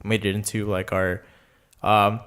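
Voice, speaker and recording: A man's voice: fairly low pitch, level tone, unhurried, fairly bright tone, clear, resonant tone. A young man, casually telling rambling stories on a podcast, full of fillers and quoted voices. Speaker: podcast co-host. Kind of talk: casual storytelling chat.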